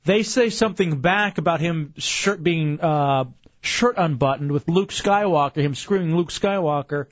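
A man co-hosting a podcast, telling news stories in animated casual chat. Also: fairly high pitch, moderate pace, no room sound, highs cut off. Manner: animated storytelling, reads news bits with commentary. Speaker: podcast co-host.

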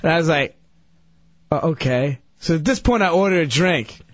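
A man on a radio talk show telling a story loudly and excitedly, acting out the people in it. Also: a little high, fast, no echo, highs cut off. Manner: loud, excitable, acts out the people in his story.

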